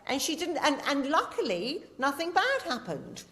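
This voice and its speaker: Lively mum telling stories. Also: female voice, high voice, moderate pace, noisy background. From England. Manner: animated, tells stories with acted-out quotes. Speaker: podcast guest, mother. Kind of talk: casual storytelling chat.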